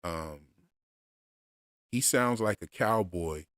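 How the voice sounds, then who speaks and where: Deep-voiced, slow-talking male livestreamer. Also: dry recording, clean studio sound. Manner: relaxed, unhurried, with many fillers and restarts. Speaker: streamer discussing show theories. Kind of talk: casual livestream chat.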